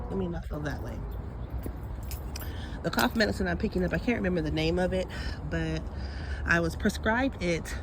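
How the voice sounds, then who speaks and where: A woman's voice: lowish voice, noisy background. A woman vlogging casually while sick with a cough, short of breath, chatting and rambling from her car and then from home. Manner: rambling, chatty, talking while driving and walking. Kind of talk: casual vlog chat.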